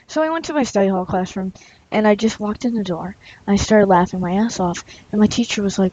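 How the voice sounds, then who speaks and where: A chatty woman vlogger tells a story in a loose, casual way, full of fillers and laughing asides. Her voice is mid-pitched for a woman and comes through a muffled, lo-fi recording. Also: a little fast, a little mellow. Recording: dull lo-fi recording.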